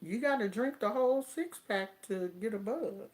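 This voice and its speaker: A woman vlogger chatting casually to camera, telling stories in an animated, drawn-out way. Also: a little high.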